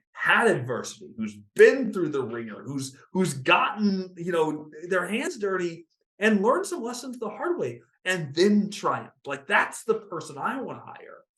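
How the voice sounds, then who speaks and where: A man in his thirties, a podcast guest telling his story in an interview, animated and acting out the people he quotes. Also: mid-range voice. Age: 30s. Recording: roomy echo.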